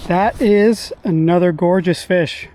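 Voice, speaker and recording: A man narrating his own fishing trip from a kayak outdoors, chatting casually and bursting into excited exclamations. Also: high-pitched, takes it slowly. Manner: excitable, bursts of exclamations while landing fish. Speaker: fishing vlogger. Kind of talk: casual on-the-water commentary. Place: outdoors on a lake or river from a kayak.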